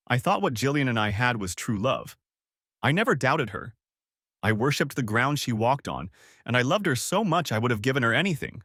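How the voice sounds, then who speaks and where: A man reading a first-person story as scripted narration, in a dramatic, expressive way. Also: medium pitch, normal speed, slightly rough, no echo, clean studio sound.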